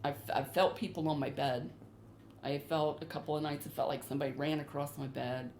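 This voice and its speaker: A woman's voice: deep voice, fairly even intonation, fairly quick, a little mellow. A middle-aged woman earnestly and anxiously recounting frightening experiences in her home, often repeating herself, recorded in an echoey room with faint noise. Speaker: homeowner describing hauntings. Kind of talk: recounting experiences on a paranormal show.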